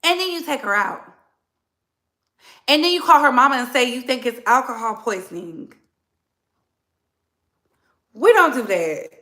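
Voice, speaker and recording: A woman's voice: on the high side, lively intonation, unhurried, pauses often, bright, forceful tone. A woman hosting her own commentary channel, talking bluntly and emphatically and repeating phrases for effect. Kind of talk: heated commentary monologue.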